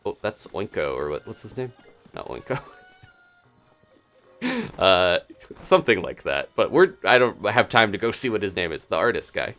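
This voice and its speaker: A man's voice: low voice, animated, moderate pace, pauses often, a bit bright. A man streaming gameplay live, chatting casually to viewers and laughing often as he plays. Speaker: game streamer.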